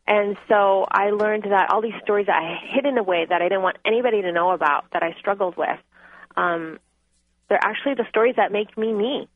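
A woman's voice: medium pitch, fairly quick. A woman guest author telling her own story earnestly and candidly in a phone interview. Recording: tinny phone line.

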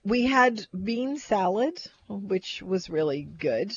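A woman's voice: medium pitch, expressive, takes it slowly, slight background noise. An older woman talks food in a loose, rambling way, restarting her sentences and circling back as she goes. The recording sounds dull and lo-fi. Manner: chatty, rambling, restarts often. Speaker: co-host. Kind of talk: casual chat about food.

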